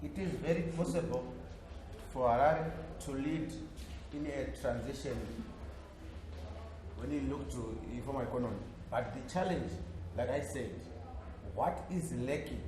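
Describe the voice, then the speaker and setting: A man's voice: mid-range voice, very echoey, background noise. A man with a Zimbabwean accent answering as a city councillor on a panel, assertive and listing his points by repeating them.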